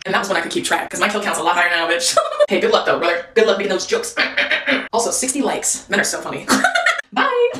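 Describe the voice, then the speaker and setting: A woman's voice: medium pitch, big pitch swings, fast, fairly bright tone, faint music behind. A woman delivering brash, profane roasting commentary into her phone and laughing between jabs. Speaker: content creator.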